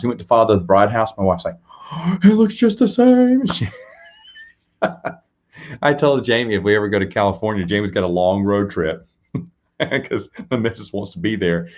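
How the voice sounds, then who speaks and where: A man's voice: lowish voice, lo-fi sound. A man hosting a casual live stream, rambling, restarting his words and chatting directly with viewers. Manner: chats to viewers and reads out donations. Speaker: live-stream show host.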